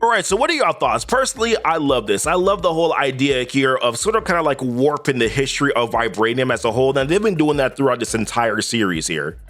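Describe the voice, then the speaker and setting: Lively, chatty comic recap host, a man. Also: mid-range voice, quick pace, few pauses, soft background music. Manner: enthusiastic, chatty, laughs often.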